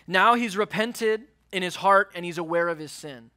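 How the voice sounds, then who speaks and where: A young man preaching a sermon to a youth group in earnest, acting out the quotes and dropping to a hush on key words. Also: high-pitched, normal speed, few pauses. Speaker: youth pastor. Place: church youth service.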